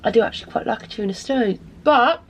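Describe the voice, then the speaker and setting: A young woman with a slightly high voice and a blocked, stuffy nose tells rambling, sweary stories straight to camera. She sounds casual and chatty, recorded at home with a faint hiss underneath. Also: fairly quick, rough recording. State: congested with a cold. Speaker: vlogger.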